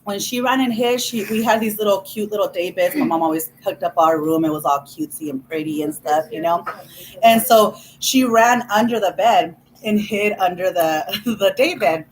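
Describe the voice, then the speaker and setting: A woman's voice: medium pitch, normal speed, a little hiss or hum, rough recording. A woman vlogger telling a childhood story in a chatty, laughing way, full of "you know". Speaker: vlogger host. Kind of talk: casual storytelling while eating.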